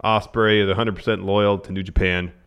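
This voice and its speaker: A man co-hosting a podcast in an easygoing, casual way. He reads out news items in a relaxed manner. His voice is low-pitched. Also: a little fast, smooth. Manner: laid-back, reads news items aloud. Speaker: podcast co-host.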